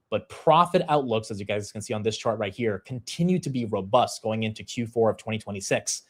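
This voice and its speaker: A man hosting a livestream, giving casual, energetic market commentary with many fillers. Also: mid-range voice. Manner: conversational, energetic, fillers like "you know". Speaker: stock market show host.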